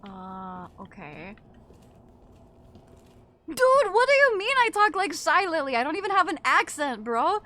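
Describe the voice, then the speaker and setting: A woman's voice: very high-pitched, very animated, unhurried, pauses often, sharp tone, slight background noise. A young woman streaming a horror game, chatting casually with her viewers, swearing often and breaking into screams and laughs. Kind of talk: casual gameplay chat with chat.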